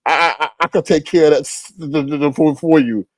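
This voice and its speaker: A man's voice: on the high side, a little fast, no room sound, close to an everyday voice. Man doing a badly stuttering nervous guy. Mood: flustered. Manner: heavy stutter, repeated syllables. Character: nervous stammering man making an awkward offer.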